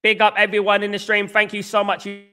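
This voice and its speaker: Excitable male stream host, high and bright, chatty and repetitive. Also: quick pace, clean tone, faint music behind. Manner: excitable, repeats phrases, reads chat aloud. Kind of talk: casual live stream chat.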